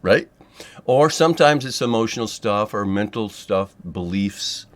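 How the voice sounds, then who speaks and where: Guy with a lowish voice riffing casually, swears a lot, lots of ums. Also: lively intonation, unhurried. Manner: loose and profane, rambling with many fillers. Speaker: spiritual technique teacher. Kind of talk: casual monologue to camera.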